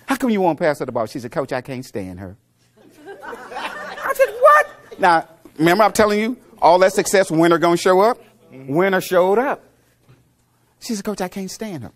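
Before a live crowd, a middle-aged man delivers a motivational speech full of coaching stories, asking the audience questions. His preachy storytelling swings between low murmurs and loud punchlines.

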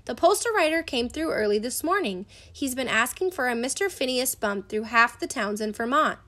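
A woman's voice: a little high, animated, normal speed, pushed and bright. A woman voicing an eager, clever young man who talks earnestly and persuasively. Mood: confident.

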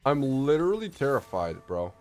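An excitable male streamer talking through his game, his pitch leaping all over the place. He drops into low mutters and then bursts into loud yelps. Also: moderate pace. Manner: excitable, swings from mumbling to shouting. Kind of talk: live gameplay commentary.

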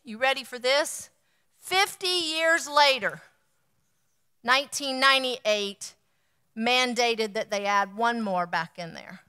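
A woman's voice: fairly high pitch, takes it slowly, clear, resonant tone, in a large hall. A middle-aged woman giving a talk to an audience, telling stories and acting out the dialogue with animation. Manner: animated, acts out quoted dialogue. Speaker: guest speaker.

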